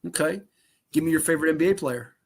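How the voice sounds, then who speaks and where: A man hosting a sports podcast, asking quick questions in an upbeat, easygoing manner. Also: fairly high pitch, gravelly, slightly rough. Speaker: podcast host.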